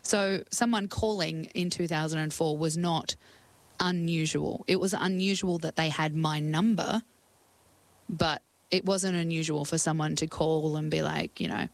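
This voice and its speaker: Interview guest: Australian woman, 30s, low gravelly voice, chatty storyteller. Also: a little slow, dry recording, low-quality recording. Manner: chatty, frequent fillers, acts out remembered dialogue. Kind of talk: casual personal storytelling.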